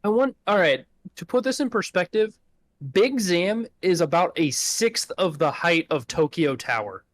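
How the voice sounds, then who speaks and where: Joking man, fairly high voice. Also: a little slow. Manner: laughing, joking. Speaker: podcast co-host. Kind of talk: casual chat.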